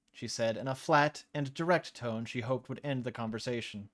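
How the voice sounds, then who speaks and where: A man's voice: mid-range voice, normal speed, hardly any pauses, a bit bright. Man reading a story aloud on stream. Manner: casual, laughs off slips.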